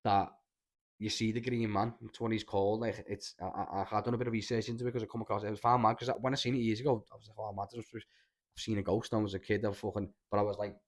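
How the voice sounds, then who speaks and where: Speaking fast in a fairly low voice with little pitch movement, this young Scouse podcast host rambles through sweary stories. He restarts often, keeping the chat casual.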